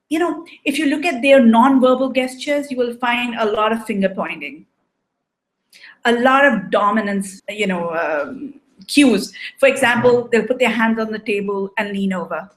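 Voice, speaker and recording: A woman coaching on relationships, giving a measured explanatory talk and often checking in with "right?". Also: a little high. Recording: echoey room.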